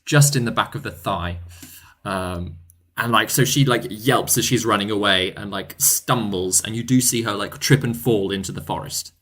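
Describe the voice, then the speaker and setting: A man's voice: fairly low pitch, normal speed, a bit bright. A man runs a tabletop game and narrates chattily. His talk is full of "like" and "um". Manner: chatty, filler-heavy narration. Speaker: game master.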